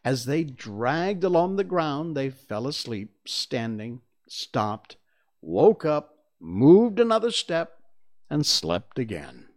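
A man reading a classic children's story aloud, expressive and animated. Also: medium pitch, slow pace. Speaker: narrator.

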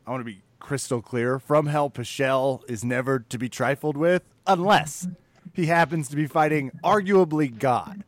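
Deadpan, joking man. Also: mid-range voice, normal speed, no room sound. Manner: dry, deadpan humour. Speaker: podcast guest. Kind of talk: casual chat.

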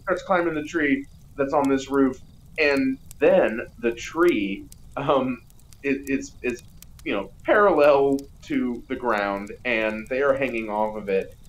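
A man's voice: medium pitch, slow, slight background noise, low-quality recording. A man co-hosting a podcast, joking his way through a casual movie review and retelling scenes in silly voices. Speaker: podcast co-host.

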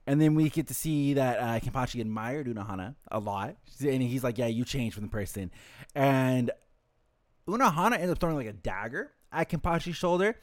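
A man co-hosting a casual anime podcast, his voice sitting at an ordinary middle pitch. He swears freely and drops into brief voices for the characters he recaps. The sound is dry and close. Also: expressive, dry recording. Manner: casual, profane, acts out characters in quick impressions. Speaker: podcast co-host and editor.

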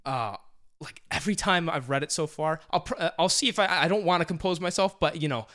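A man co-hosting a book review podcast, excitable and prone to loud shouting bursts. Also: a little high, fast. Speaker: podcast co-host. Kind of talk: casual book review chat. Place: podcast studio.

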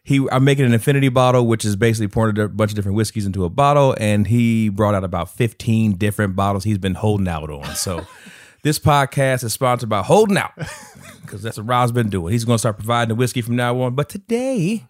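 Joking low-voiced man reviewing movies. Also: expressive, brisk, no room sound, studio quality. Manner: joking, laughs at own slips. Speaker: podcast co-host. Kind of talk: casual movie review chat.

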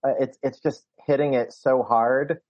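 Halting man discussing films, muffled sound. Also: medium pitch, steady tone, a little mellow. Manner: hesitant, many restarts. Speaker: podcast co-host. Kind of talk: casual film discussion.

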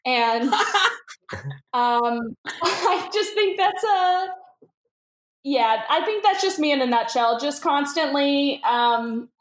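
A woman comedian telling a story in a casual, animated way, laughing often and filling her talk with little fillers. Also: high-pitched, slow pace, roomy sound. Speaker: guest comedian.

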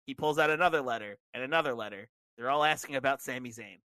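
A man's voice: medium pitch, fast, pushed and bright, dry recording, poor audio. A man co-hosting a casual podcast, recapping events step by step. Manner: narrates events step by step with fillers. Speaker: podcast co-host. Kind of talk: casual chat, recapping a wrestling show.

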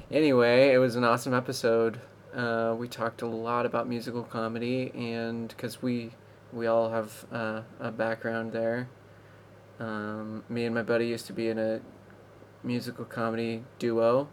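A man's voice: medium pitch, a little hiss or hum. A man hosting a podcast, introducing the episode in a loose, rambling way full of ums and uhs. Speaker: podcast host.

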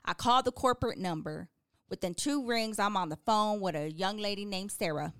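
A woman's voice: medium pitch, moderate pace, a bit bright, clear, resonant tone, no room sound, studio quality. A woman co-hosting a podcast, telling a story in casual chat with a confident, teasing manner. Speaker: podcast co-host.

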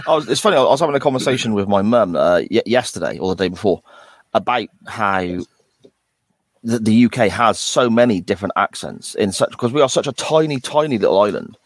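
A man speaks in a low voice, recorded dry and close. He co-hosts a casual podcast and rambles, often restarting his sentences. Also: lively intonation, brisk, husky, no room sound. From England. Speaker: podcast co-host.

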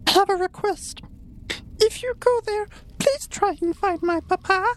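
Brief: a tiny bug-creature girl, squeaky-high, crying and begging. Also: unhurried. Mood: pleading tearful. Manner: sobbing, hesitant and pleading. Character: tearful little bug-person girl, timid.

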